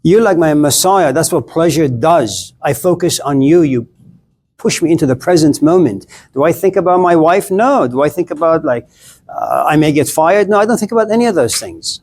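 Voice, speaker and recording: A man's voice: fairly high pitch, sing-song, normal speed, a little mellow. A middle-aged man giving a casual, blunt classroom lecture on philosophy, chatting straight at his students and acting out little scenes.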